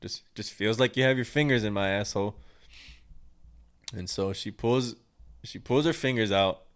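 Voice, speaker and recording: A man's voice: fairly low pitch, normal speed, clear, resonant tone. A young man hosting his own podcast, telling a personal story in a blunt, crude, rambling way with plenty of swearing. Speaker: podcast host.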